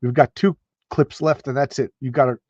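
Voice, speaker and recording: A man gushing over a comic book page by page, excitable and often stumbling and restarting. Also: medium pitch, moderate pace, husky, dry recording, highs cut off. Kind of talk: enthusiastic comic page read-through.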